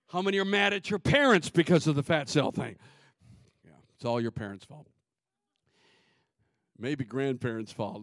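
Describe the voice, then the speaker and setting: A male pastor preaching a sermon, swinging between shouted, drawn-out exhortation and quick, offhand asides to the congregation. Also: a little high, dry recording, clean studio sound.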